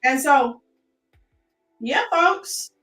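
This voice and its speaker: A woman's voice: high voice, animated, drawn-out words, fairly bright tone, reverberant, distant mic, soft background music. An American woman hosting a live-stream commentary, chatting and greeting her chat viewers by name. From United States.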